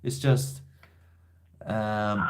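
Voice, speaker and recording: A man's voice: lowish voice, drawn-out words, noisy background. A man from Australia hosting a casual live-stream chat, rambling, hesitant and swearing freely. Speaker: host.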